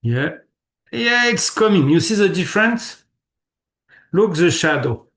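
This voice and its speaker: Male meditation teacher, gravelly and slightly high voice, patient coaching with lots of repetition. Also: sing-song, a little slow, a bit bright. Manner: patient, repeats words, checks students often. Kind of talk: live online class instruction.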